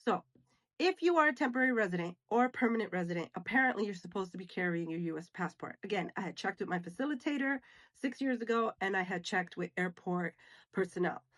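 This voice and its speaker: A woman from the United States, middle-aged, telling a story to camera in a casual, animated way, acting out the dialogue and slipping into Spanish phrases. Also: mid-range voice, fast. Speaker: vlogger.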